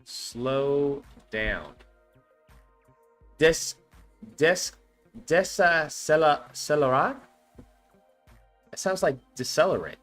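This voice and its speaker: A man's voice: fairly high pitch, animated, very slow, long pauses, a bit bright, faint music behind. A man streaming casually as he follows a language lesson, thinking aloud, repeating words and swearing often. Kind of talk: casual live-stream chat.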